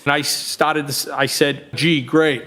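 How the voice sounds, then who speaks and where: Slow-reading Boston man testifying in court. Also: a little high, a crowd in the background. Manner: slow, flat reading with small self-corrections. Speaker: trial witness. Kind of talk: reading text messages aloud in court testimony.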